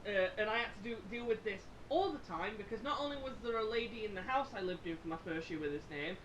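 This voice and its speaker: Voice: mid-range voice, quick pace, a bit bright, recorded from a distance, a little hiss or hum, rough recording. A speaker with a Yorkshire accent from around Sheffield, chatting casually as a podcast co-host. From Sheffield area, Yorkshire. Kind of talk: unscripted casual chat.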